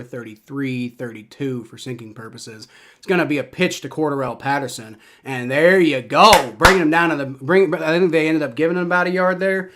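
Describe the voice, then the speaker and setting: A young man calling a football game live as he watches it, his voice bright and cutting with a slightly high pitch. He reacts loudly to every play, swears freely and fills the gaps with casual chatter. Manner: excitable, swears, reacts to plays aloud.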